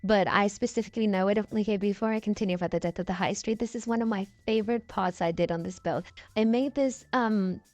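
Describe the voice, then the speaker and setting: A woman's voice: medium pitch, fast, no echo. A chatty, rambling woman from the UK, speaking through a voice changer as she gives casual commentary over her game building.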